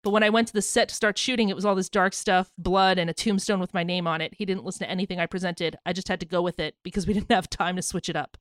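A woman co-hosting a music podcast in casual chat, laughing often and halting with fillers. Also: fairly low pitch, steady tone, dry recording, clean studio sound. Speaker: podcast co-host.

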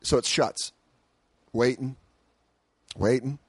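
A man telling a wild story in an excitable, animated way, acting out the voices of the people in it. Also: mid-range voice, takes it slowly, breathy edge, no room sound, clean studio sound. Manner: excitable, acts out voices while telling stories. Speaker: podcast guest.

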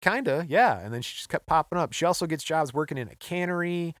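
A man's voice: fairly high pitch, quick pace, dry recording, clean studio sound. Man casually retelling history. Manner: relaxed, recounts history, laughs often. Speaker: podcast co-host. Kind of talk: casual storytelling chat.

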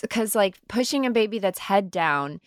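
A woman co-hosting a podcast, reacting eagerly and asking quick questions in casual chat. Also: medium pitch, animated, no echo, studio quality. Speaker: podcast co-host.

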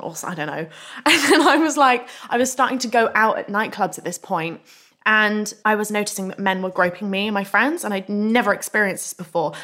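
A young woman, a guest in a casual interview, telling stories frankly, animated and swearing freely. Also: medium pitch. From England.

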